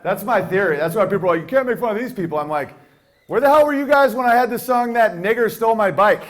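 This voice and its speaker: A man's voice: high voice, lively intonation, fast talker. A man playing a brash male stand-up comic who rambles provocatively and laughs through his lines. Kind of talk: stand-up comedy bit.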